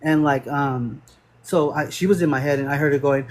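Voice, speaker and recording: This man has a slightly raised voice and tells his stories with animation, filling them with "like" and casual slang. He sounds like a guest in a relaxed spiritual chat. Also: on the high side, moderate pace. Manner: animated storytelling with lots of "like" and laughs.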